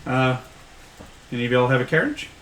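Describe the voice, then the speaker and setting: A man voicing a stern, motherly older woman who speaks softly but firmly. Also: medium pitch, sing-song, moderate pace, slight background noise, rough recording.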